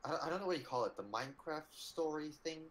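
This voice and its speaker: A man's voice: a little high, expressive, fast. A young man co-hosting a casual livestream, rambling in loose phrases and filling gaps with "like". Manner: rambling, heavy use of "like", trailing phrases. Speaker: co-host on a livestream.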